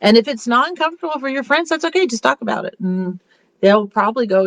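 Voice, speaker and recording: A woman's voice: on the high side, lively intonation, brisk, creaky, no echo. A woman beauty consultant talks to her group in a loose, chatty way. She sounds upbeat and often circles back mid-sentence to restart her point. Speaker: beauty consultant leading a meeting. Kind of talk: casual motivational talk.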